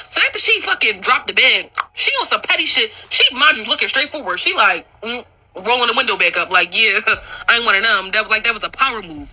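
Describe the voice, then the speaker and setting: A young woman telling a story to her viewers in a very bright, sharp voice. She talks in an animated, profane way and laughs often as she goes. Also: fairly high pitch, husky, poor audio. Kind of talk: casual storytime monologue.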